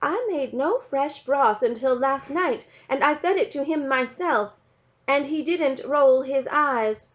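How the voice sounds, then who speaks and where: A woman's voice: high voice, takes it slowly, voice pushed up. A woman reading aloud, voicing a stern, worried mother who speaks firmly and questions pointedly. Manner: firm, questioning. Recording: dull lo-fi recording.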